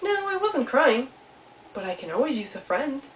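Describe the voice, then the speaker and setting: A woman's voice: high-pitched, very animated, normal speed, a bit bright, slight background noise, pitched above the performer's own voice. A woman voicing a friendly male turtle in a storybook reading. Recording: echoey room, mic far off.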